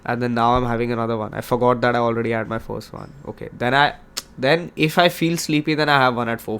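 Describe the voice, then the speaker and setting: A man's voice: mid-range voice, creaky, a bit bright, clean tone. A man in his twenties with an Indian accent, hosting his podcast in a hyped, rambling, joking way. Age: 20s. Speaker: podcast host. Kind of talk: casual solo podcast chat.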